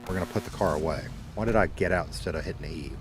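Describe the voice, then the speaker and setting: A man with a Southern American drawl and a lowish voice, talking in a relaxed, rambling way to his viewers. He swears casually and keeps things chill, with faint music under him. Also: very fast. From Southern United States. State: dehydrated. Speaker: streamer. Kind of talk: casual chat with stream chat.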